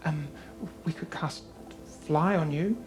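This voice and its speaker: A woman voicing a small, cheerful female pixie who talks in a high, soothing voice. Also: slow, over music, poor audio. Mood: reassuring. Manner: soothing, eager to please.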